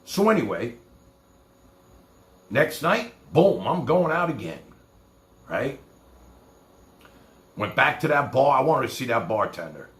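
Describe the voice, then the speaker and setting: New york guy rambling thru a wild story, lots of swearing, pitch jumping all over, echoey room. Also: big pitch swings, slow, pauses often, fairly bright tone. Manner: profane, rambling anecdotal. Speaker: streamer. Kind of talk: casual storytelling.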